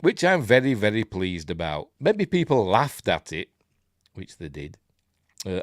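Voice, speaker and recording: Sarcastic Yorkshire man, lively low voice. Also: normal speed, dry recording, clean studio sound. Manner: chatty and sarcastic, reads articles aloud and mocks them. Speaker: host of a live news stream. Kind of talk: casual live-stream commentary.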